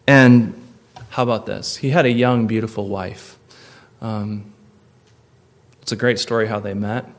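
A man preaching a sermon, earnest, slowing and softening for tender points and rising to emphatic peaks. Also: fairly low pitch, steady tone. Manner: drops soft and slow for tender points. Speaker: pastor.

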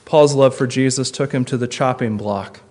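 A man preaching a sermon, earnest, slowing and softening for tender points and rising to emphatic peaks. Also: medium pitch. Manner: drops soft and slow for tender points. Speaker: pastor.

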